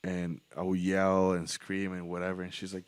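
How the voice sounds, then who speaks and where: Man, podcast host, lowish voice, blunt, swears freely, dry close sound. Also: completely flat delivery, moderate pace, smooth, no room sound. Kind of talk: casual chat.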